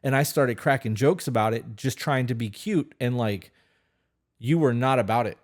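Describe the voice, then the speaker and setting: A man talks through a relationship issue on a podcast, blunt and profane, often restarting his sentences. His voice sits at an ordinary middle pitch and comes across as relaxed, unpolished conversation. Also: normal speed. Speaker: podcast co-host. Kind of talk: casual relationship chat.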